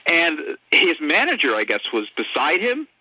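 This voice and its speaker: A man's voice: mid-range voice, fast, bright, forceful tone, dry recording, poor audio. A man hosting a podcast, chatting casually and telling rambling anecdotes in which he acts out other people's voices. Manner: rambling storytelling, acting out quoted voices. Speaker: podcast host. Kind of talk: casual chat.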